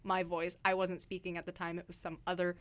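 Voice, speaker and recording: A woman's voice: fairly low pitch, completely flat delivery, a little fast. A woman co-hosting a casual studio chat, rambling through stories with frequent laughs. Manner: giggly, rambling storyteller. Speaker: radio co-host. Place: radio studio.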